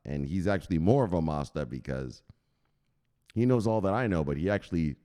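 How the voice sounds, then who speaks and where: A boisterous male crypto host rambles in a casual livestream, swearing freely and shouting out viewers. His low voice swings up and down with lively pitch. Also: brisk.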